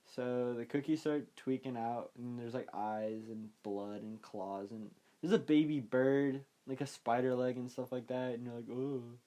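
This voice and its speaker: A man's voice: mid-range voice, fairly even intonation, moderate pace, few pauses, mellow. A young man casually recapping a film, rambling and offhand, often trailing off with "like" and "I don't know.". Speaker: podcast host recapping a film.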